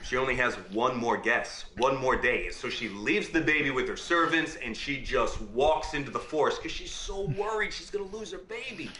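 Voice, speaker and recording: A man acting a father in a game, telling a fairy tale as a bedtime story with quick asides to his listener. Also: medium pitch, pushed and bright, roomy sound, slight background noise, natural voice, poor audio.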